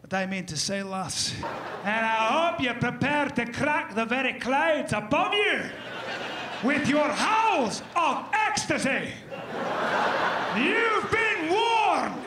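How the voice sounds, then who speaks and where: A man voicing a grandiose Scottish nobleman with a Scottish accent, drawn-out booming proclamations. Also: very animated, roomy sound, crowd noise, noisy background, full character voice.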